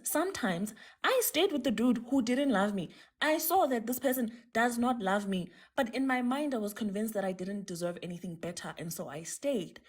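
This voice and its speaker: A woman, explaining her view earnestly. She keeps checking in with rhetorical questions as she builds her argument. Her pitch is mid-range for a woman. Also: husky. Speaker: panelist. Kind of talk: opinionated discussion on a live stream.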